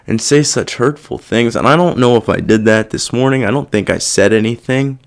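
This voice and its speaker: A young adult man hosts a podcast, working through his feelings in a rambling, self-reflective monologue that's casual and full of profanity. His mid-range voice is creaky, and he keeps a moderate pace.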